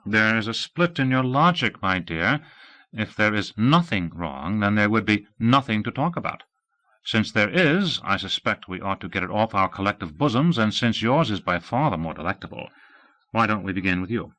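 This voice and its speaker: A man's voice: lowish voice, lively intonation, normal speed, sharp tone. A man reading a novel aloud, voicing a clumsy, fond husband who talks in a dry, wordy, ironic way. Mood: teasing. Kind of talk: audiobook character voice.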